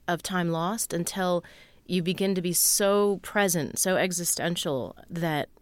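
A woman's voice: lowish voice, a little slow, dry recording. A woman guest on a podcast, talking in a casual, emotional way with many restarts, now and then sounding a bit British. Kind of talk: casual chat.

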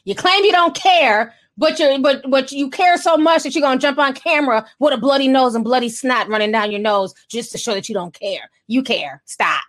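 A woman's voice: high voice, moderate pace, few pauses. A woman giving casual gossip commentary, blunt, sarcastic and profane. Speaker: commentary vlogger.

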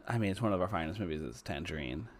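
A man co-hosting a podcast in casual chat, excitable, swearing and trailing off mid-sentence. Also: low voice, rapid-fire. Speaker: podcast co-host.

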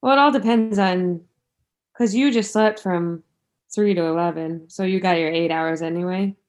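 A woman's voice: on the low side, moderate pace. A young woman co-hosting a casual chat podcast, vehement and profane, repeating herself for emphasis. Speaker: podcast co-host.

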